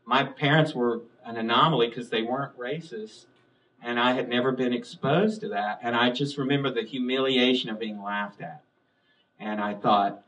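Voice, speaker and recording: A man's voice: medium pitch, fairly even intonation, moderate pace, fairly bright tone. A middle-aged male author from the US South and Midwest, telling chatty anecdotes to a library audience and laughing often. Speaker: author on a panel. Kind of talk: storytelling conversation. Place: public library event room. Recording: distant mic at a live talk.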